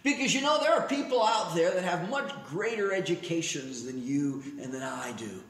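A male pastor preaching a sermon in an animated way, his pitch swinging up and down as he acts out quotes. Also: moderate pace. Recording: echoey room.

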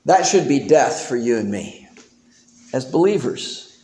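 A man preaching a sermon in a church, animated and emphatic, with homely humor. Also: mid-range voice, a little slow. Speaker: pastor. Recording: roomy echo.

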